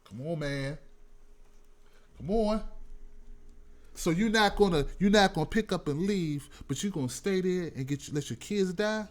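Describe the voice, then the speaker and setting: A male American talk show host with a voice that sits high speaks unhurriedly, leaving long pauses. His opinionated commentary is emphatic and preachy, aimed directly at his audience.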